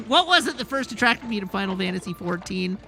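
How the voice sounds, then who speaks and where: Animated young man joking on stream. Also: high-pitched, quick pace, creaky, soft background music. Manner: joking, self-mocking asides. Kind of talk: live game stream commentary.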